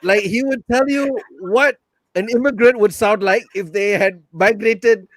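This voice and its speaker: A man's voice: high voice, unhurried, dry recording. A man hosting an online comedy open mic, speaking Malaysian English, teasing the comic and laughing often. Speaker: comedy club host. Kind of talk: casual live emcee banter.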